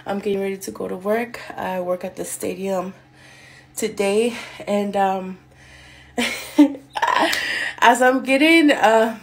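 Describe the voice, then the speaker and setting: A woman's voice: mid-range voice, unhurried, vocal fry. A woman in her thirties vlogging at home while she gets ready in the morning. She chats straight to her viewers on a phone camera and uses plenty of fillers. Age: 30s. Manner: chatty, talks straight to viewers with many fillers. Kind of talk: casual vlog addressing viewers.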